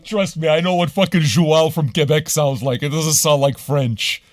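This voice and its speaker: A man's voice: a little high, fairly even intonation, moderate pace, no echo, clean studio sound. A man from Montreal hosting a casual livestream radio show, talking in a profane, rambling way and dropping into French now and then. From Montreal, Canada.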